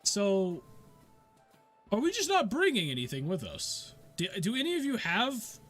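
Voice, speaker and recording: A man voicing a small male mouse companion who speaks in a calm, clipped, deadpan way, pitched higher than his own voice. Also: a little slow, faint music behind, full character voice. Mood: puzzled.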